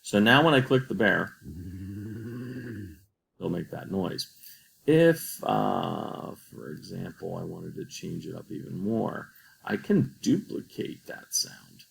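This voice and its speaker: A man's voice: sits low, lively intonation, takes it slowly, creaky, a little hiss or hum, rough recording. A man teaching a coding tutorial over a screen recording, patient and explaining each step.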